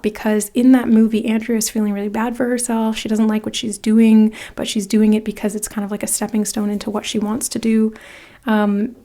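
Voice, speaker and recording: Warm-voiced woman giving a tarot reading. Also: a little high. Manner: rambling, with many "like"s and restarts; direct second-person encouragement. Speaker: tarot card reader. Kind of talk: casual pick-a-card reading to the viewer.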